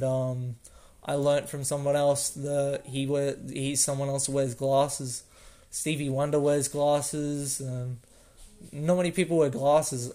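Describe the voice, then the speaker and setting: A man's voice: mid-range voice, dark tone. A young Australian man hosting a casual solo podcast, rambling, losing his train of thought and correcting himself with small laughs. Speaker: podcast host.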